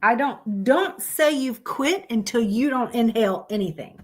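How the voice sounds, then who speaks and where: A woman's voice: fairly high pitch, expressive, a little slow. A woman, hosting a casual live stream, blunt and profane as she chats with her viewers.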